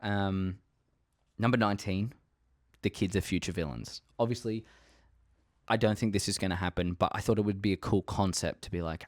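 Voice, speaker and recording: A young man hosting a fan channel, chatting casually and excitedly about theories, rambling, swearing freely and laughing at himself. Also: low voice, fairly quick, no echo, clean studio sound.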